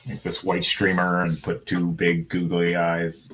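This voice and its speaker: A man's voice: deep voice, monotone, a little slow, a bit bright, poor audio. A man in his thirties in casual chat as a co-host, laid-back and rambling, with dry sarcasm. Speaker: podcast co-host.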